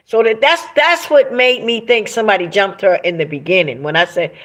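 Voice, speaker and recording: A woman's voice: mid-range voice, expressive, moderate pace, hardly any pauses, fairly bright tone. A woman hosting a livestream, reading viewer comments aloud and talking in an emphatic, preachy way that repeats phrases for emphasis. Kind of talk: emotional livestream monologue.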